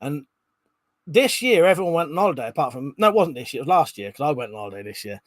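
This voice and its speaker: A man's voice: fairly high pitch, very animated, quick pace, no echo. Chatty man reading viewer comments. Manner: chatty, laughs often, swears casually. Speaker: live stream host.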